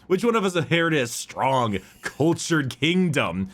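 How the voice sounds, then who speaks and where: A man reading out the speech of a wrathful enslaved warlord, slow and accusing. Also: fairly high pitch, big pitch swings, fairly bright tone. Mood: bitter scornful. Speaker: reading a dramatic quote.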